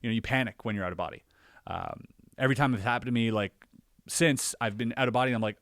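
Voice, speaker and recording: A man telling a personal story in a relaxed podcast chat. He stays animated and acts out his own reactions, with plenty of filler words. His voice sits in a middle pitch and is recorded dry, with no room sound. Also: fast, no echo. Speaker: podcast guest or co-host. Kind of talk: casual storytelling conversation.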